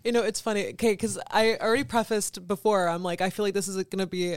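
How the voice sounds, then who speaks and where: Young woman guest, mid pitch, animated storyteller, close dry sound. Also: fast, dry recording. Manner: animated, laughing often, lots of "like". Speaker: podcast guest. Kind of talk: casual storytelling.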